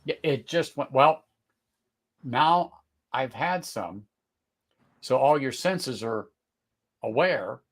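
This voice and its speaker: A middle-aged man hosting a live whisky tasting, talking casually, searching for words, then bursting into excited exclamations. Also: medium pitch, takes it slowly, pauses often. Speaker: whisky tasting livestream host.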